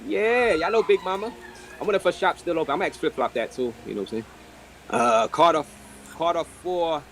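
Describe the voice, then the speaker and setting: Brief: man hosting a livestream, high voice, relaxed banter that hypes the viewers. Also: fairly quick, slight background noise. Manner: laid-back, hyping up the chat. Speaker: livestream interview host.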